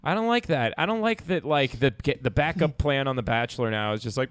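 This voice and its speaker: A young man co-hosts a comedy podcast with wry, teasing banter. His voice sits at an ordinary middle pitch. The recording is close and dry. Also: animated, fairly quick, few pauses, fairly bright tone, smooth, dry recording. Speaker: podcast co-host. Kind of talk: casual comedic chat.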